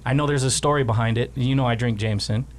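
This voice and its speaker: A man hosting a casual podcast, joking with guests and pausing often with fillers. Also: mid-range voice, slight background noise. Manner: relaxed, joking, many filler pauses. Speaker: podcast host.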